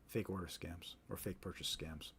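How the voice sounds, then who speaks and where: A man's voice: low voice, steady tone, moderate pace, fairly bright tone, slight background noise. Man hosting a casual live stream. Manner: informal, thinks aloud with fillers and restarts. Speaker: host. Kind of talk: live stream talk, reading viewer reports.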